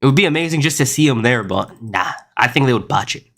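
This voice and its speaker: A man's voice: mid-range voice, animated, quick pace, fairly bright tone. A young man streaming live, reading chat aloud and riffing on it in a rambling, casual way, often saying "bro" and "listen.".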